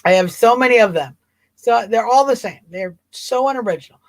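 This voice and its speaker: A woman's voice: a little high, a little fast, no echo. A woman hosting a casual livestream talk show, chatty and amused, rambling and repeating herself. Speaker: host.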